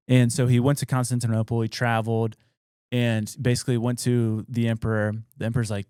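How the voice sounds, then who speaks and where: A man's voice: medium pitch, little pitch movement, brisk, warm tone, smooth, dry recording, clean studio sound. A young adult man, a podcast co-host, casually retelling a spooky old story with loose fillers and quoted dialogue.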